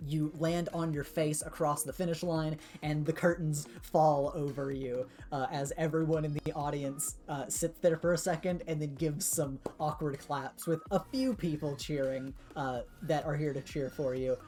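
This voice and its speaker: A man narrating a tabletop role-playing game as game master, relaxed and full of filler words. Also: on the high side, moderate pace, few pauses, faint music behind. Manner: relaxed, filler-heavy narration with many uhs.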